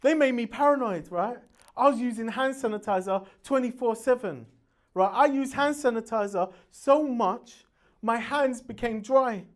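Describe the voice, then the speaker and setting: A man doing a stand-up comedy routine on stage, loud and brash, laughing at his own jokes. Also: very high-pitched, normal speed.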